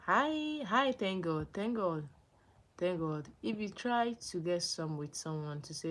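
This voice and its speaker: A woman's voice: lowish voice, slow pace. A young woman from Nigeria hosting a casual livestream, greeting viewers by name and answering their comments, often repeating herself. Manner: animated, repeats names and phrases, greets viewers. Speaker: livestream host.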